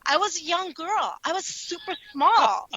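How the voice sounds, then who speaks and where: A woman co-hosting a radio show, telling stories in an animated, expressive way. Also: very high voice, measured pace, dry recording, highs cut off. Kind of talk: casual chat.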